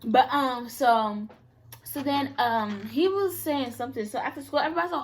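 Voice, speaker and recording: A young woman with a high voice tells a story in casual chat. She talks in a lively way, laughing often and acting out the lines of other people. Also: moderate pace.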